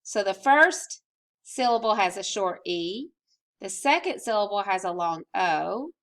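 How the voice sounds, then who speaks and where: Woman teacher, mid-pitched voice, patient phonics lesson. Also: lively intonation, fairly bright tone. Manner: slow, patient, stretching out sounds. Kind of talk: recorded spelling lesson.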